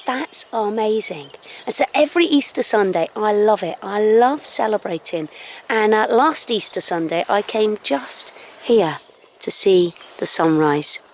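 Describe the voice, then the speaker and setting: A woman telling a story to schoolchildren outdoors at sunrise. She speaks in an animated way and drops to hushed tones at dramatic moments, recorded on a handheld phone. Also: medium pitch, slight background noise. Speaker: school assembly presenter. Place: outdoors on a hill at sunrise with a dog. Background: birdsong.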